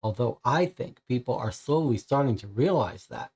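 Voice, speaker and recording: A man's voice: animated, normal speed, darkish tone, breathy edge. A man voicing a jealous female dance teacher and songwriter with a German accent, speaking in a raised, resentful voice. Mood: bitter, venting. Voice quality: high put-on voice, resentful.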